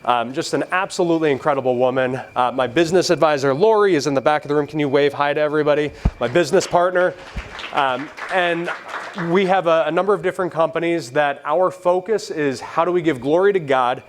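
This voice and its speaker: A man's voice: fairly high pitch, fairly quick, a little hiss or hum. Provocative man giving a convention speech. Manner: provocative, joking, preacher-like. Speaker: keynote speaker. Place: convention stage.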